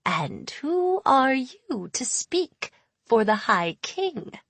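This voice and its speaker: A woman's voice: sits high, very animated, drawn-out words, a bit bright, slightly rough, dry recording, voice pushed up, full character voice. A woman voicing an ancient, sly female hag in an audiobook, speaking in a purring, hissing whisper. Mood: cold. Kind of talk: audiobook character voice.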